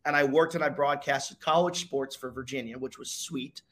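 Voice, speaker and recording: A young man, a racing driver, telling his story in a casual interview with dramatic pauses and energy. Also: mid-range voice, steady tone, a bit bright.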